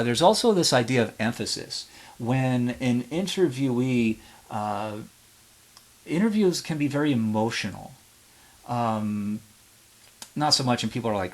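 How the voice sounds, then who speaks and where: A man teaching how to run interviews in an informal, conversational lecture, often pausing on fillers and restarting his sentences. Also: medium pitch. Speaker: history professor.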